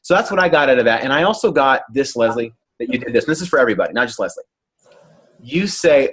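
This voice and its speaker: A man's voice: medium pitch, fast talker, husky. A man leading a group coaching call, talking in an earnest, encouraging way over a video call. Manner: earnest, animated when imitating excitement. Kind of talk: motivational coaching talk.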